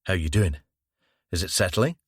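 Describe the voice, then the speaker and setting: A calm male detective who keeps control and talks others through panic, read by the narrator in near his own voice. The voice is low and steady, recorded dry and close. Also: moderate pace, breathy edge, dry recording. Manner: calm, firm, reassuring.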